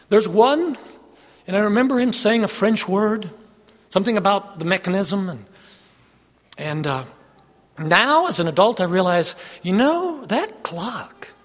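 A man delivers a sermon to his congregation in a folksy, conversational manner, joking and asking them questions as he goes. His voice sits a little high for a man. The sound carries a long echo, as in a large church hall. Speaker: preacher.

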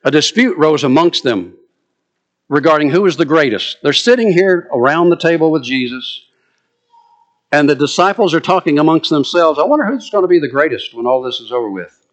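A man with a Southern US accent delivers a sermon in a somewhat high voice. He brings scripture alive with animated, dramatic quoting. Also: a little fast. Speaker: preacher.

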